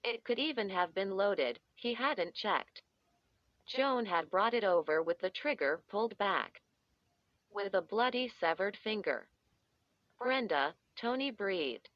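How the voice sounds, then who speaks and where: A woman narrates a horror story in a slow, measured voice. Her delivery stays even and steady. The recording is dull and lo-fi, close and dry with no room echo. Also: medium pitch. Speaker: audiobook narrator.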